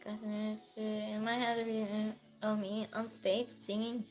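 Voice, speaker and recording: A woman hosting a livestream with a cold and a sore throat, hoarse and clearing her throat as she reads viewer messages aloud and chats back. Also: mid-range voice, little pitch movement, takes it slowly, a little mellow, soft background music. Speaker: livestream host reading chat. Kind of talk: casual chat.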